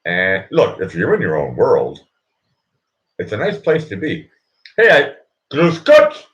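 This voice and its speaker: Guy rambling thru his own live show, slow drawn-out talk, voice bouncing all over, keeps restarting. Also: on the low side, huge pitch swings, a bit bright, dull audio. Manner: rambling, keeps repeating "look", stops and restarts. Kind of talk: rambling comic monologue.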